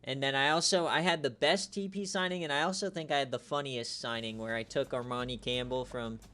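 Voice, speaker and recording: A man giving casual, joking live-stream commentary on a league game as its host, teasing players and getting loud and excited at big plays. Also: medium pitch, a little fast.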